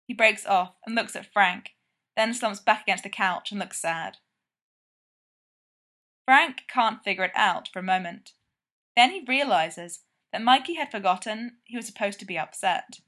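A woman's voice: medium pitch, a little slow, long pauses, pushed and bright. A woman reading fan fiction aloud in a casual, conversational way. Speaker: reader.

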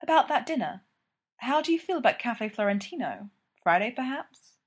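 A woman voicing a bold, flirtatious high-society lady detective, playful and teasing in her delivery. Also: sing-song, brisk.

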